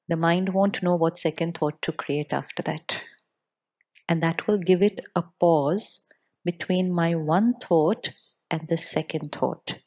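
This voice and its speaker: Before a live audience, a woman delivers a spiritual talk, pausing deliberately and posing questions to her listeners. Her voice is on the low side and a little mellow.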